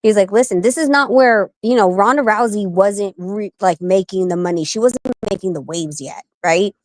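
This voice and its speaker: A woman in her forties, a guest on an interview show, telling animated stories and acting out the people she quotes. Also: mid-range voice, normal speed, no room sound. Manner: animated, acts out quoted voices. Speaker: guest, wife and manager of a boxer. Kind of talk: casual interview storytelling.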